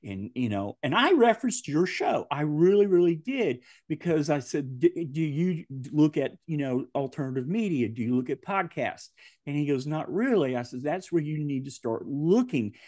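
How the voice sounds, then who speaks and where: A man's voice: on the high side, normal speed, no echo, studio quality. A man, a podcast guest telling stories in casual chat and laughing often. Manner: animated, laughing often through his stories.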